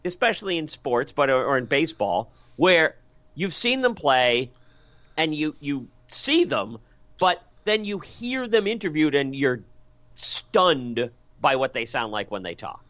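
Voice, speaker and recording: A man co-hosting a podcast in casual chat, telling a story in a wry, animated way. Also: a little high, unhurried, no room sound, muffled recording. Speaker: podcast co-host.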